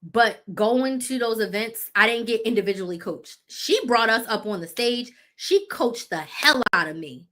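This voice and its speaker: A woman in her thirties hosts a live chat as a business coach, her voice bright and forceful. She tells her story bluntly and with animation, stopping to correct herself on dates and details. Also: a little high, animated, moderate pace, few pauses.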